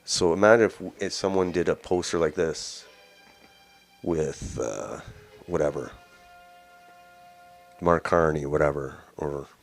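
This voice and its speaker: A Canadian man hosting a news commentary show, talking in a blunt, scornful, ranting way. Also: sits low. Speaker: host.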